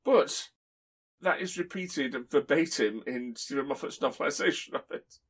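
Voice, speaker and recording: A man's voice: fairly high pitch, expressive, moderate pace, husky. A man hosting a podcast, telling stories in a rambling way and chuckling as he talks. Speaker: podcast host. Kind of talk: casual chat.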